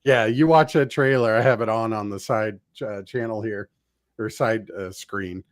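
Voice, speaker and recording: A man's voice: on the low side, moderate pace, no echo, clean studio sound. A man co-hosting a casual gaming podcast, animatedly recounting trailers he watched. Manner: animated, acts out reactions to trailers. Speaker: podcast co-host.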